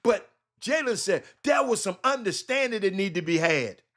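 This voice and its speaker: A man's voice: sits high, animated, normal speed, a bit bright. A man hosting a live sports talk show with a Southern US accent, speaking animatedly and calling out chat viewers by name.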